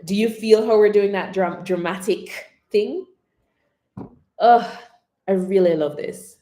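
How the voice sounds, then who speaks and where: Expressive woman coaching public speaking. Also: medium pitch, reverberant. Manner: coaching, expressive, models whispers and dramatic pauses. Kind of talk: live-streamed speaking workshop.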